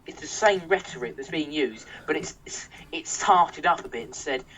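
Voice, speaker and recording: A man's voice: a little high, animated, moderate pace, fairly bright tone. Heated, swearing young English man, distant mic. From England. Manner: heated, sweary, rambling with restarts. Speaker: podcast host. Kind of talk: casual podcast rant. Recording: distant mic with faint noise.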